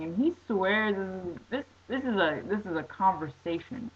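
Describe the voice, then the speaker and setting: A woman telling a story casually on her vlog, excitable and rambling, full of "like". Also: medium pitch, normal speed, lo-fi sound, a little hiss or hum. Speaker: vlogger.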